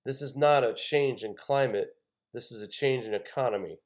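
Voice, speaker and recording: A mid-pitched man hosts his own channel, reading out weather reports and breaking off to comment. His tone is indignant and conversational, and he keeps turning to his viewers to address them as folks. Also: moderate pace, a little mellow. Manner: reads news items aloud then comments. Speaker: channel host.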